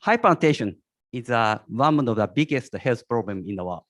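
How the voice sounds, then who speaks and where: CEO delivering a prepared pitch, steady and rehearsed, dry mic. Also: male voice, normal speed, dry recording.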